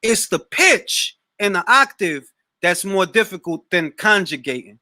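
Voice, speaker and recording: A man's voice: high voice, very animated, unhurried, bright, forceful tone, dry recording, studio quality. A young man hosting a boxing talk show, answering live questions in a casual, slangy way and often repeating words as he starts a thought.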